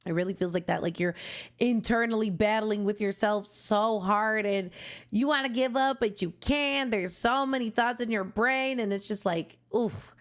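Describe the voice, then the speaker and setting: A woman's voice: mid-range voice, moderate pace. Heartfelt young woman gushing over music. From Canada. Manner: heartfelt, gushing, tearful at times. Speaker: music reaction streamer. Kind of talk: emotional casual reaction commentary.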